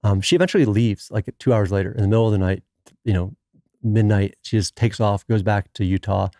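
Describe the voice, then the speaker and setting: A man, talking fast in a low, mellow voice. He tells a long story in casual conversation and acts out every quoted line. The sound is close and dry. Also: no echo. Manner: animated storyteller who acts out quoted dialogue. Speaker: podcast guest.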